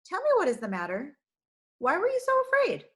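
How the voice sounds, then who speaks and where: A woman voicing a cheerful, gentle male shepherd who speaks warmly and with confident strength in a storybook. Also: a little high, lively intonation, moderate pace.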